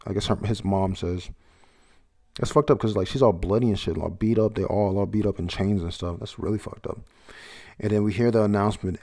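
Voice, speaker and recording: A man's voice: lowish voice, fairly even intonation, a little fast, mellow. A man reading through a comic chapter aloud in a casual, blunt way, swearing freely and reacting as he goes. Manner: reads panels aloud, blunt, swears freely, laughs at surprises. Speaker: manga chapter reviewer.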